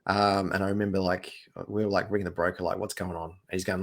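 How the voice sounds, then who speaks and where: Husky man telling his story. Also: sits low, quick pace. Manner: animated, acts out quoted voices. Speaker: business owner guest. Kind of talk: casual storytelling interview.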